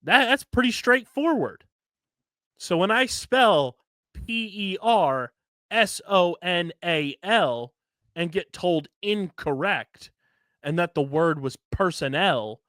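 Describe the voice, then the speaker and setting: On a casual podcast, a male co-host tells stories animatedly with lots of swearing and sometimes spells words out letter by letter. His voice is a little high, and the recording is studio quality with no echo.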